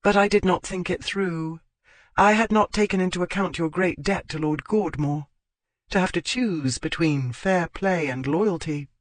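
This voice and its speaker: A man's voice: high-pitched, a little slow, no room sound, voice pushed up. A man voicing a spirited, impulsive young country woman in an audiobook, raising his voice into her earnest, wavering pleas. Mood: anxious. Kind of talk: audiobook character voice.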